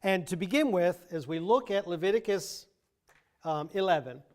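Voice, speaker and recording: A man's voice: high-pitched, lively intonation, moderate pace, a little mellow. A man teaching a Bible class in a conversational way, thinking aloud with many restarts and dry asides. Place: church classroom.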